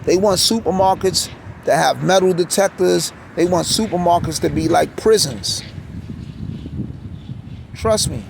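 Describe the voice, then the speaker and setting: A man's voice: sits high, a little slow, creaky, long pauses. A middle-aged man ranting insistently in the street, repeating himself and restarting phrases. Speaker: vlogger. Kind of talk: outdoor street rant. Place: city street outdoors. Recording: street traffic noise behind.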